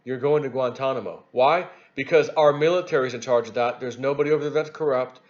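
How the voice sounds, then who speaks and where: A man giving rambling political commentary on his video channel, animated and repeating himself as he talks. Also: medium pitch, fast, hardly any pauses, dull audio. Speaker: YouTube commentator.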